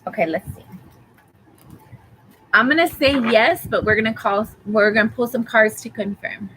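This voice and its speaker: Woman, tarot reader, reassuring affirmations, rambling, bright tone. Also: on the high side, moderate pace, slight background noise, rough recording. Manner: rambling, with fillers and restarts. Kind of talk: live tarot reading for a viewer.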